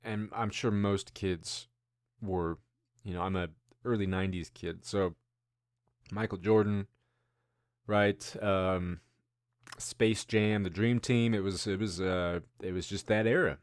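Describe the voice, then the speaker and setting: A man's voice: low voice, fairly even intonation, takes it slowly, long pauses, no echo, studio quality. A man in his thirties hosting a casual news-commentary show, rambling and musing with self-deprecating asides. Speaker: host.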